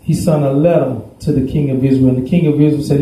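Pastor, dark mellow voice, folksy preaching with shouted peaks, very echoey church. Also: male voice, medium pitch, steady tone, fast talker. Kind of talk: sermon. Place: church sanctuary.

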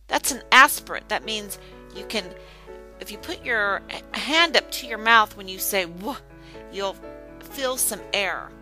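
A woman teaching a reading lesson, sounding out words one by one with careful, clear enunciation. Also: on the high side, expressive, measured pace, sharp tone, faint music behind. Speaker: phonics teacher.

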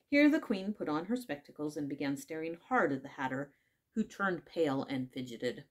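A woman reading a classic children's story aloud in measured narration. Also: low voice, lively intonation. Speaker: audiobook reader.

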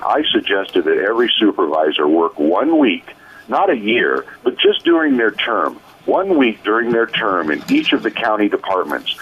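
A man's voice: low-pitched, breathy edge. A man co-hosting a talk radio show, indignant and calling out local officials directly. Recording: muffled AM radio broadcast.

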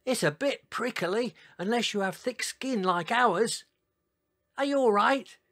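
A man voicing a cheerful, eager young female dinosaur in a storybook reading, talking in a bright, excited way. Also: very high-pitched, a little slow, pitched above the performer's own voice, exaggerated voice. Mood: cheery.

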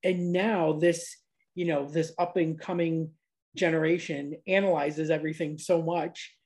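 A woman's voice: deep voice, fairly even intonation, a little slow, a little mellow, breathy edge. A woman from upstate New York hosting a casual interview, chatty and full of fillers, laughing often. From Niagara Falls, New York, USA. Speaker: podcast host. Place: lives abroad, recorded at home with cats.

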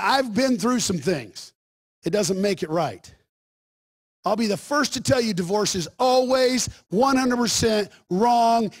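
Brief: male pastor, high tenor, jokey asides turning into forceful preaching. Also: husky. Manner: joking asides, then emphatic preaching. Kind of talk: sermon.

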